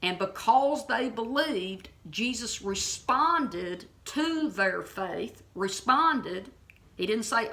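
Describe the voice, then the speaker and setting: Bright-voiced, blunt woman teaching the Bible. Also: fairly high pitch, expressive, slow. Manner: blunt and emphatic, keeps checking in with "okay?". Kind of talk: impassioned informal Bible teaching.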